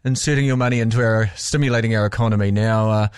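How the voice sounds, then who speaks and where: A man's voice: fairly low pitch, fairly even intonation, fast talker, darkish tone, smooth, no room sound, clean studio sound. A man with a New Zealand accent hosting breakfast radio, rambling and joking. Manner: jokey, rambling, says bloody a lot. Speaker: radio host. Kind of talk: casual radio banter.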